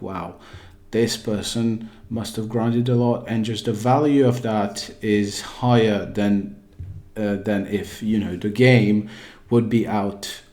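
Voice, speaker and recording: A gaming video creator with a fairly low, slightly mellow voice puts on a British accent for a rambling opinion monologue about a game. His talk is full of fillers and restarts.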